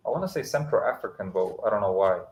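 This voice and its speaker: Low-pitched guy co-hosting a podcast over a call, chatty, jokey, argues back fast. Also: lively intonation, a little mellow, rough recording. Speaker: podcast co-host. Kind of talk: casual chat.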